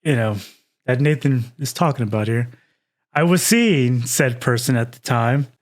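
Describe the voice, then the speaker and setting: A man's voice: mid-range voice, moderate pace. A young man co-hosting a casual podcast, telling a story with lots of laughter. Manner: animated storytelling, laughs often. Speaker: podcast co-host.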